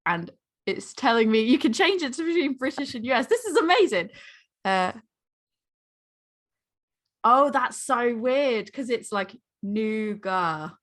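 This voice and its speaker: A lively American woman co-hosting a casual podcast, her pitch leaping up and down as she talks. She sounds playful and giggly, and she likes to argue a point with a laugh. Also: a little slow, long pauses. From United States. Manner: animated, giggly, playful arguing. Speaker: podcast co-host. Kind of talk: casual chat.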